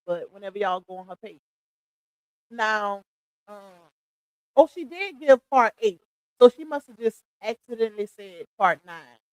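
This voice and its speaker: A woman's voice: medium pitch, expressive, measured pace, long pauses, dry recording, low-quality recording. A woman hosting a reaction channel, chatting casually and speaking straight to her viewers. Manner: chatty, addresses viewers directly.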